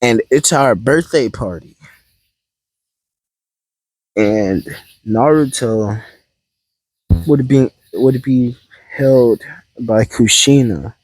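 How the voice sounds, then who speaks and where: Slow, husky man rambling through a story. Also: medium pitch, darkish tone, no echo, rough recording. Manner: rambling, hesitant, self-correcting. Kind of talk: casual fan-fiction storytelling.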